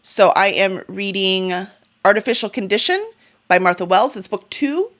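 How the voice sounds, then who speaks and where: With big pitch swings in a mid-range, somewhat bright voice, this woman talks at a normal speed about the books she intends to read. It's a laid-back reading-goals vlog from a book vlogger and publisher, enthusiastic and chatty, with fillers and minor self-corrections along the way.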